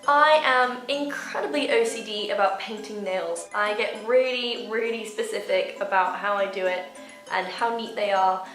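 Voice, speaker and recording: A woman's voice: mid-range voice, moderate pace, a bit bright. Bubbly young woman in an echoey room. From Hawaii, USA. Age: young adult. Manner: chatty, bubbly and self-mocking. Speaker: vlogger. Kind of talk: casual talk to camera. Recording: roomy echo with faint music.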